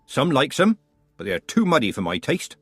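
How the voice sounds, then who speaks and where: A man's voice: mid-range voice, huge pitch swings, normal speed, fairly bright tone, husky, dry recording, soft background music, voice pushed up, full character voice. A man voicing a stern old witch woman in an audiobook, speaking in clipped, dry country phrases. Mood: terse.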